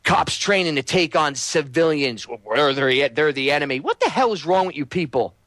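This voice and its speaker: A man's voice: a little high, expressive, normal speed, dry recording. A man hosting a show, delivering an angry, profane political rant. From United States. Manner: angry, shouting, profane and preachy. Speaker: host.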